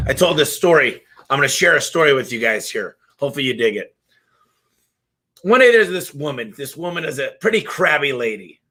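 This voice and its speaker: A man's voice: mid-range voice, animated, normal speed, sharp tone. A man hosting a live Q&A, talking casually and passionately, telling stories with lots of energy and the odd swear word. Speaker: business owner hosting a live Q&A. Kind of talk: casual live-stream talk and storytelling.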